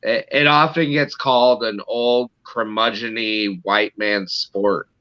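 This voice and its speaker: A man's voice: fairly low pitch, fairly even intonation, slow, highs cut off. A man guesting on a sports podcast, explaining his opinions at length. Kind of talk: casual sports talk.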